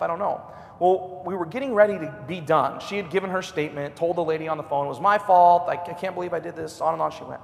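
A man preaching a sermon, telling a personal story with swings from a hush to a loud, high voice. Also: vocal fry, big-room sound.

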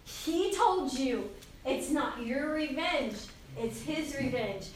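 This fiftysomething woman with a high voice takes it slowly in a casual Christian talk for young people, animated and often laughing as she voices inner thoughts. A faraway mic in a roomy hall captures faint ambience and a touch of hiss or hum.

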